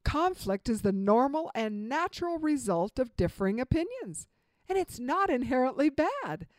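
This is a fairly high-voiced woman lecturing on marriage with lots of melodic energy. She stresses words emphatically and pauses for effect, the way a practiced speaker does. The recording is close and dry. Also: no room sound. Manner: expressive, emphatic, lively delivery with dramatic pauses; acts out example dialogue in vivid voices. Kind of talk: spoken lecture on marriage advice.

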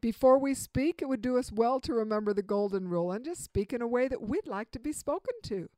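A middle-aged woman giving an earnest instructional talk, slowing down to stress key points. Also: on the high side, lively intonation, warm tone, no room sound. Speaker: communication speaker.

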